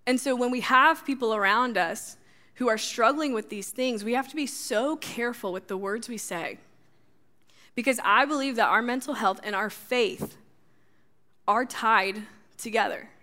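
A woman's voice: a little high, moderate pace, sharp tone. A young woman giving a sermon to a church gathering, talking casually with dry, sarcastic humor. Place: stage before a live audience.

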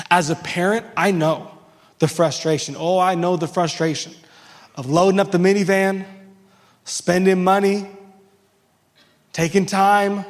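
Earnest preacher man, reverberant hall. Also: high voice. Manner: earnest, emphatic, with frequent restarts. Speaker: pastor. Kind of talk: sermon.

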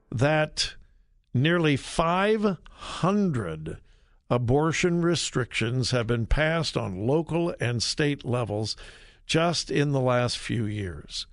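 A man hosting a talk radio show, delivering an opinion monologue deliberately and with emphasis on key words. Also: mid-range voice, no echo, studio quality.

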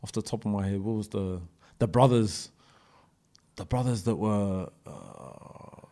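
A man in a casual podcast chat, animated and slangy, trailing off and restarting often. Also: fairly low pitch, unhurried, vocal fry. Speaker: podcast host.

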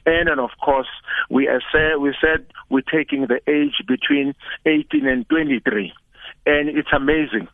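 An older South African man talks over a tinny, narrow phone line. His voice is gravelly and dry. He chats in a relaxed way and often repeats words as he gets going. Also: fairly high pitch, moderate pace, no echo. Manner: relaxed, chatty, repeats words when starting. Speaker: guest, former football coach. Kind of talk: phone interview. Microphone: telephone.

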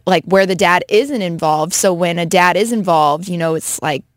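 A woman co-hosting a radio show, speaking in a measured, thoughtful way in casual chat. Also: fairly low pitch, no echo, studio quality.

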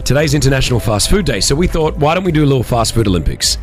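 Animated male radio host. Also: mid-range voice, racing, faint music behind. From Lebanon. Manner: animated, excitable, talks over others. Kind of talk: breakfast radio banter.

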